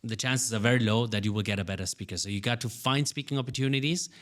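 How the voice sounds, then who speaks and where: A public speaking coach answers interview questions energetically at a quick pace, his voice medium in pitch. He often repeats words as he begins a sentence.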